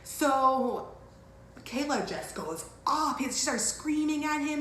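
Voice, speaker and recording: A woman from Dallas telling a story in a casual vlog, animated and acting out what people said. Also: slow pace. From Dallas, Texas. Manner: animated, acts out quotes with big pitch jumps. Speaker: vlogger. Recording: echoey room with faint background hiss.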